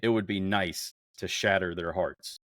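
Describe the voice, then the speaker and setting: A man's voice: deep voice, measured pace, dry recording. Heated, profane male sports podcaster. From Houston area. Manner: heated, profane, animated rants. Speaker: podcast co-host. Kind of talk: casual sports chat.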